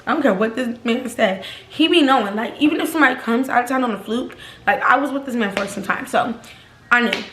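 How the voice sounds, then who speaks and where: Animated young woman telling a storytime. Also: brisk. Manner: animated, acts out quotes in higher pitch. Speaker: storytime vlogger. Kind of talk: casual storytelling. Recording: echoey room, faint background noise.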